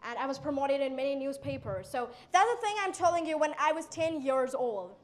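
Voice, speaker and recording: A teenage girl from India, speaking with an Indian English accent, tells her life story as a motivational speaker. Her high voice moves a little fast, and she animatedly acts out what people said to her.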